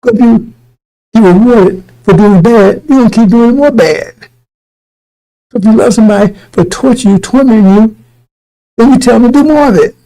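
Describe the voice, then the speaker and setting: Gravelly, dark-toned preacher man. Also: very high voice, normal speed, pauses often, poor audio. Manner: blunt and profane, mocking voices, laughing. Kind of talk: loose street sermon.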